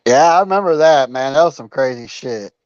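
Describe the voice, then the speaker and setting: A man's voice: medium pitch, expressive, no echo. A man chatting casually with friends, laid-back and swearing. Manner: slow, laid-back, profane. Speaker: friend in the chat. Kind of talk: casual chat. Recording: dull lo-fi dry sound.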